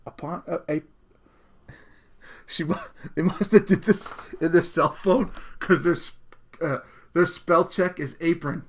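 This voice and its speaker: Taking it slowly and pausing often, a middle-aged podcast host with a slightly high voice delivers a sarcastic, mocking solo comedy rant. Laughter frequently bursts out of him between sentences.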